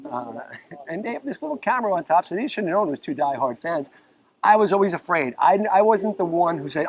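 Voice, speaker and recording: He talks briskly in a high-pitched voice against slight background noise. A musician guest from the Bronx, New York, he tells casual, profane stories in a park and animatedly acts out what people said.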